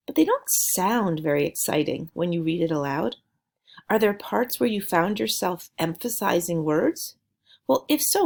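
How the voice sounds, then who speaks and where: A woman teaching a writing lesson, speaking slowly and deliberately in an encouraging way. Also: medium pitch, creaky, darkish tone. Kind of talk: recorded classroom lesson.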